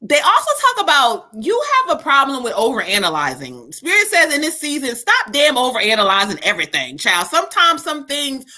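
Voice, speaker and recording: A woman hosting a casual live stream of card readings, her voice bright and sitting a little high. She jokes, laughs and curses freely with her viewers, then settles into giving the reading. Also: huge pitch swings, brisk, hardly any pauses. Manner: laughing, bantering, profane, addresses viewers directly.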